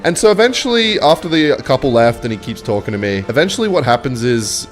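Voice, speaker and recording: A man's voice: medium pitch, very animated, fast talker, faint music behind. A young man telling a rambling, swear-filled story while commenting on his gameplay, often cutting himself off mid-sentence. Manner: rambling, swears a lot, self-interrupting. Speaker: gaming video creator. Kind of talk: casual storytelling over gameplay.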